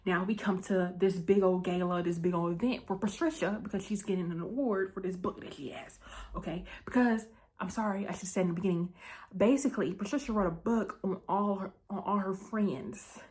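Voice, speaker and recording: A woman's voice: mid-range voice, darkish tone. Chatty woman recapping a movie. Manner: chatty storyteller, keeps checking in with "okay?"; breezy and playful, with asides and quick self-corrections. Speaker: vlog host. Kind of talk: casual chat movie recap.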